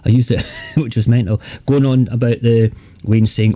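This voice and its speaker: A man's voice: mid-range voice, fairly even intonation, normal speed, warm tone. A Scottish man hosting a late-night live chat stream, rambling and jokey, often trailing off and restarting.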